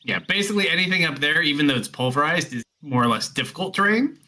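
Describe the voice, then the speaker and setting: Bright-voiced male dungeon master. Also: on the high side, animated, fast. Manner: loose, rambling narration with fillers and laughs. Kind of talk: narrating a tabletop game.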